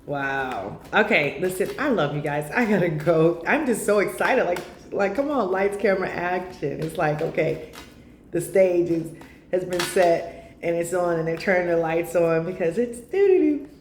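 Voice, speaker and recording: A chatty, affectionate woman talking through a casual spiritual reading at home, speaking in a somewhat low voice. The room is echoey, with faint household noise behind her. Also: expressive, normal speed. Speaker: spiritual reader. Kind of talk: casual tarot reading to viewers.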